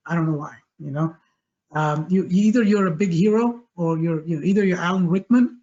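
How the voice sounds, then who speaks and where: A man giving a live webinar presentation over a video call, energetic and emphatic, often repeating his key phrases. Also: sits high, muffled recording.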